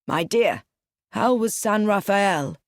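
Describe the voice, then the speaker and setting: A woman's voice: medium pitch, lively intonation, takes it slowly, no echo, studio quality. A woman reading the lines of an uneasy middle-aged businessman in an audiobook. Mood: guarded. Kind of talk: audiobook character voice.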